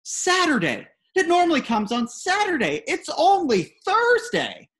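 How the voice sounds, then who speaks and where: A woman voicing an anxious middle-aged father who is fixated on his routine and whose pitch jumps high and strained. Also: huge pitch swings, measured pace, fairly bright tone, full character voice. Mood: alarmed.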